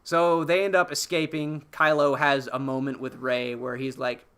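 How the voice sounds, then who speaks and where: A man hosting a podcast, telling a film's plot in a casual, profane, animated way and acting out the characters' lines. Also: medium pitch, normal speed, clear, resonant tone. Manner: animated, profane storytelling with acted-out character quotes. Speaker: podcast host. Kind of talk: casual spoiler-filled film recap.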